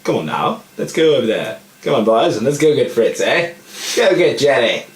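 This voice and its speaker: Guy putting on a loud barky german officer, rallying the boys, keeps going "eh?", echoey room. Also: medium pitch, sing-song, moderate pace, close to an everyday voice. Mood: rousing. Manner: hearty bellowing with a rising "eh?". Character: boisterous German army officer rallying troops.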